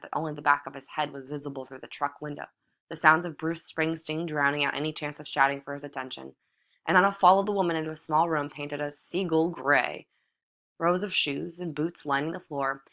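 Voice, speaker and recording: A woman reading a novel chapter aloud in a measured, even manner. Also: low-pitched. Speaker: audiobook reader. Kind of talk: novel narration read aloud.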